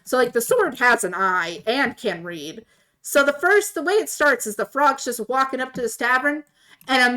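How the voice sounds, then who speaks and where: A woman streamer casually retelling a tabletop game story while playing, animated and laughing often. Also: high voice. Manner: animated, laughing, voices quoted characters.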